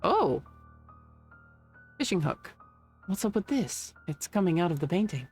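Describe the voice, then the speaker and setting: A woman game streamer talks through her play in a fairly low voice, wry and a little sweary, reading the game's text aloud as she goes. Faint game music sits quietly behind her. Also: sing-song, fairly quick. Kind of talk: casual gameplay commentary.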